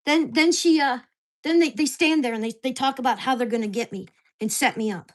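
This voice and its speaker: A woman vlogger ranting to the camera, with profane, fast-shifting storytelling and an exasperated, indignant tone. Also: sits high. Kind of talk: angry rant to camera.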